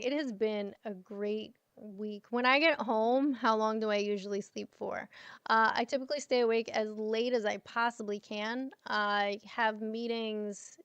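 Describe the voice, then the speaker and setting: A woman's voice: fairly high pitch, fairly bright tone, clear, resonant tone, dry recording, lo-fi sound. A tired woman in her thirties chatting casually to friends on a livestream, affectionate and swearing freely.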